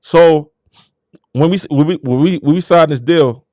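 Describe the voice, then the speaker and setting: A man's voice: a little high, unhurried, darkish tone, dry recording, studio quality. A man hosting his own show, talking in a casual motivational monologue that turns preachy and exclamatory as he hypes himself up. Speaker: show host.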